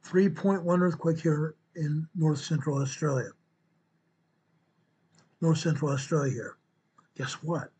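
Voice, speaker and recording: A man hosting a show, walking viewers through an earthquake map in a slow, emphatic way and repeating his points. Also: a little high, warm tone, breathy edge. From United States. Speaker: show host presenting earthquake updates. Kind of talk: informal map walkthrough commentary.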